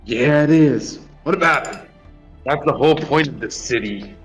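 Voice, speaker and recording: A man's voice: mid-range voice, normal speed, faint music behind, natural voice. Man reading as a callous war god. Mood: dismissive. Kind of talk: reading game dialogue aloud.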